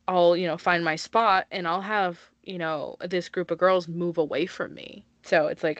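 A woman's voice: lowish voice, fairly bright tone, no room sound, muffled recording. A woman co-hosting a podcast, talking in a blunt, emphatic way and swearing freely. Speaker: podcast co-host. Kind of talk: casual chat.

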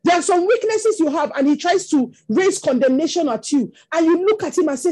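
Nigerian woman preacher, high mellow voice, animated storytelling sermon. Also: a little fast, few pauses. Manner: storytelling, rising to impassioned exclamations.

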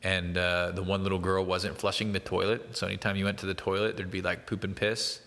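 A man's voice: deep voice, flat delivery, fairly quick, fairly bright tone, long reverb tail. A young man chatting casually to the camera, rambling and breaking off to laugh at his own stories. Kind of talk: casual chat.

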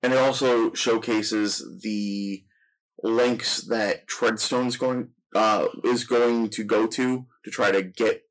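A man's voice: lowish voice, fairly even intonation, slow pace, poor audio. A man co-hosting a casual film podcast, retelling movie scenes in long, detailed play-by-play. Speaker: podcast co-host.

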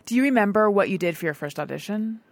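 A woman's voice: medium pitch, expressive, fast talker, dry recording. A woman hosting a podcast, interviewing her guest with curious questions. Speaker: podcast host.

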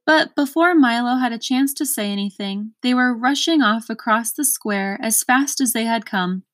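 A woman narrating a children's storybook in a measured reading voice. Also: fairly high pitch, no echo. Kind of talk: audiobook reading.

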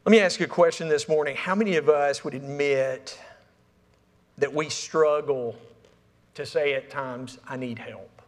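A man's voice: a little high, unhurried. A male pastor preaching a conversational sermon, often repeating words and putting questions to the congregation. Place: church sanctuary. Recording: long reverb of a church hall.

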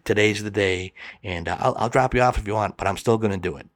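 A man voicing his stubborn male friend who insists on robbing a bank, in a low, matter-of-fact tone. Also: fast talker, no room sound, lightly acted. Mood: insistent. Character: pushy male friend planning a bank job.

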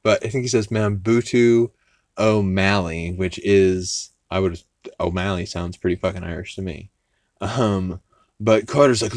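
A man's voice: low voice, a little slow, darkish tone, no echo. A man hosting a podcast, casually recapping an episode in a rambling, profane way with many fillers and restarts. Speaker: podcast host.

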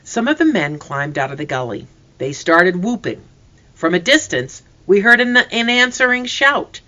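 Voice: mid-range voice, moderate pace, highs cut off. A storybook narrator reading aloud expressively, acting out the characters' lines as well. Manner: expressive, reads characters' voices.

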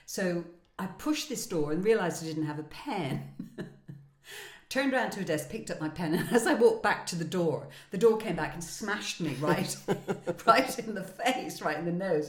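Lady in her 60s, deep-ish voice, chatty and self-deprecating, kinda echoey. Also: a little mellow. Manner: laughing storyteller, self-deprecating. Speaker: podcast co-host, former broadcaster. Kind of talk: casual chat, anecdotes. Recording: roomy echo.

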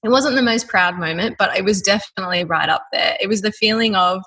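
A woman in her thirties with an Australian accent, telling her personal story in a lively way and laughing often. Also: medium pitch, quick pace, slightly rough, low-quality recording.

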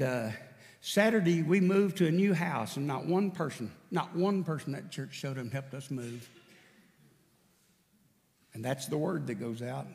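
Storytelling pastor in a reverberant church. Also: male voice, on the high side, darkish tone. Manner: storytelling preacher, acts out dialogue with raised voice. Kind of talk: sermon. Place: church sanctuary.

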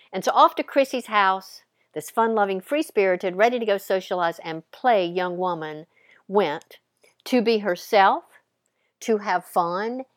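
Female podcast host: lively storyteller, mid pitch, dry close recording. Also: no echo. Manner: playful dramatic storytelling with voiced characters. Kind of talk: storytelling monologue.

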